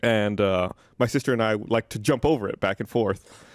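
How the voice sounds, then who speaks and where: A man's voice: on the low side, moderate pace, no echo, clean studio sound. Chatty man telling a rambling story. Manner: rambling, filler-heavy anecdote telling. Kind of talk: casual storytelling chat.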